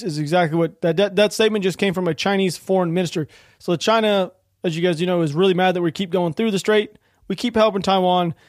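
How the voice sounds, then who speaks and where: High-voiced ranting podcast man. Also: no room sound, studio quality. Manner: ranting, sarcastic, swears freely, laughs at news. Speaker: podcast host. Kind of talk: solo political podcast commentary.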